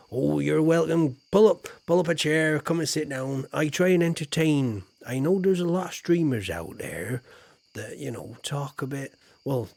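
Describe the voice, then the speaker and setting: A man's voice: medium pitch, darkish tone. A middle-aged man with an English accent chatting playfully to his viewers as he streams a farming game, muttering asides and letting sentences trail off. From England. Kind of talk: casual live-stream gameplay chat.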